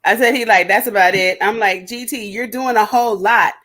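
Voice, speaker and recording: A woman's voice: medium pitch, fairly quick, fairly bright tone. A woman co-hosting a live stream, joking and teasing in casual banter. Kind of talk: casual chat.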